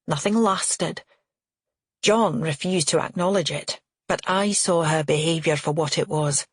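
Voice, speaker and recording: A scornful older aunt with a lilt, put on by a woman reading a thriller audiobook. Her sneering, contemptuous delivery comes out a touch husky and raised in pitch, and it sounds dry and close. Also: no room sound.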